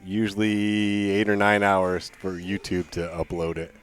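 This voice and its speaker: A man's voice: on the low side, flat delivery, measured pace, clean tone, faint music behind. A man who produces and co-hosts a podcast, chatting in an easygoing way and laughing often. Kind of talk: casual chat.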